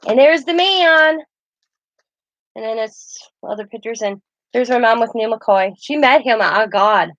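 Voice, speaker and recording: A woman with a fairly high, fairly bright voice speaks unhurriedly with lively intonation, hosting a casual craft vlog. She chats and rambles through stories with laughs while showing off keepsakes in show-and-tell style. The recording is muffled, with no room sound.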